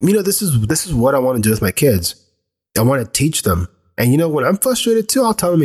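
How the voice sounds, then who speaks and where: A man's voice: mid-range voice, very animated, fast talker, a little mellow, husky. A man in his thirties, a father, talking earnestly and candidly about raising his kids in a loose, rambling way. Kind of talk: reflective personal talk.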